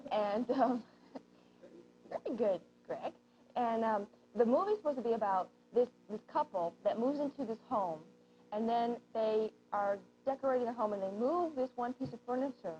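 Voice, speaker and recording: Woman cohost on a shopping channel, chatty storyteller, a bit high voice, dull old tv sound. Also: animated, moderate pace, dark tone. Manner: chatty storyteller who acts out quoted lines. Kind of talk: casual on-air chat. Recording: dull lo-fi TV broadcast audio.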